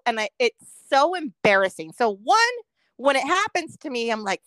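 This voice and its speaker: A woman's voice: a little high, sing-song, normal speed, fairly bright tone, dry recording, rough recording. A woman in her forties co-hosting a podcast, chatting casually with lots of swearing and giggles. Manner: profane, giggly. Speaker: podcast co-host. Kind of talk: casual chat.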